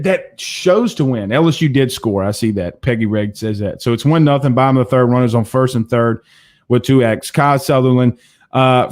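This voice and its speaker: A man hosting a live sports talk show, reading viewer comments and making his points with emphatic repetition. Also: medium pitch. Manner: animated, emphatic, repeats phrases, addresses viewers directly.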